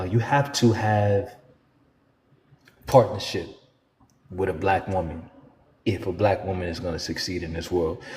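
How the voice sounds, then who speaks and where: A man with a very low voice speaks in a preachy, forceful way as a guest on a live panel. He sounds roomy, with a long echo around him. Faint background noise sits under his voice. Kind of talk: heated live panel debate.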